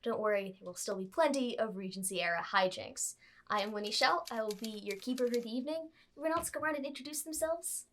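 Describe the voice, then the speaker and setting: A woman's voice: fairly high pitch, fast, a bit bright. A woman running a tabletop role-playing game as game master, narrating casually. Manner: casual, with frequent fillers.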